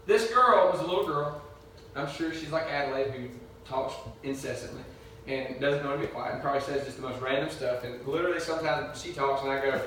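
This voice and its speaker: A man's voice: on the high side, fairly bright tone, a little hiss or hum. A male pastor, preaching a conversational sermon in a rambling, folksy way. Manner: casual, rambling storytelling with folksy asides. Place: church sanctuary. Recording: echoey church from far off.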